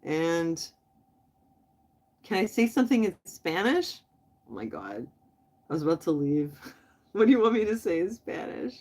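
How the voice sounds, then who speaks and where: A woman's voice: lowish voice, sing-song, measured pace, pauses often, darkish tone. Chatty woman hosting a late-night livestream. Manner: chatty, talks straight to viewers in the chat; laughs often, loose and friendly. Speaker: livestream host.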